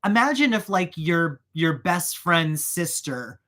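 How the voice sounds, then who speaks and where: A man hosting his own channel, chatting casually while wrapping gifts, animated and prone to going off on rants and tangents. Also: on the high side, slow. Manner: animated, ranting, goes off on tangents. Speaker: channel host.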